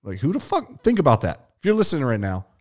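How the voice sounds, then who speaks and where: A man's voice: mid-range voice, wildly swooping pitch, fast talker, darkish tone. A young man co-hosting a podcast in casual chat, rambling and swearing, laughing as he goes. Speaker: podcast co-host.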